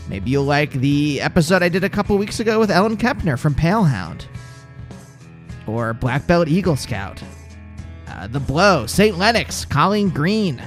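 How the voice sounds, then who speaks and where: Chatty self-deprecating male podcast host. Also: on the high side. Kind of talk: casual interview chat.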